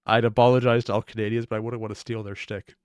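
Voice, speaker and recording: A man hosting a reaction video, giving casual commentary in an excited, laugh-prone way. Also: on the low side, fast talker, clean tone, no echo, studio quality. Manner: animated, laughs often, excited.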